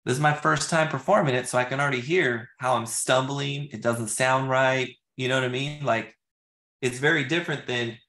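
A male real estate agent teaches in a loose, casual way, peppering his talk with "you know" and "like" while trying out sales questions aloud. His voice is medium-pitched with fairly even intonation at a normal speed. The recording has a roomy echo.

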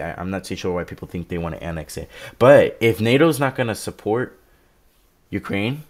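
Lower-voiced man in a sarcastic rambling rant. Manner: rambling, sarcastic, self-correcting. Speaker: political commentary vlogger. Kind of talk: casual opinion rant.

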